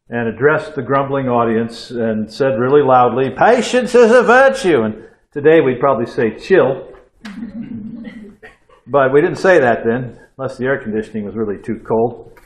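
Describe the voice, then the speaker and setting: An older man delivers a sermon in a relaxed, folksy storytelling way, dropping conversational asides to his listeners. His voice sits at an ordinary middle pitch, and the room around him rings with a noticeable echo. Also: normal speed. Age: 60s. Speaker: pastor. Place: church hall. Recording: echoey room.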